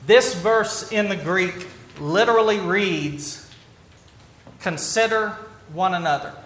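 A pastor with a high, bright voice speaks to his congregation in a relaxed, halting way, circling back and restarting his phrases. The big church room rings around him, with faint ambience underneath. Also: reverberant, a little hiss or hum. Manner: conversational, halting with restarts and fillers. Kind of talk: sermon. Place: church sanctuary.

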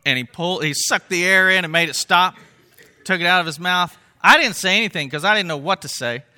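A man's voice: sits high, fairly quick, bright, forceful tone, smooth. A man preaching a sermon, telling stories and putting questions to his listeners. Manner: storytelling, asks the congregation questions. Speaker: pastor.

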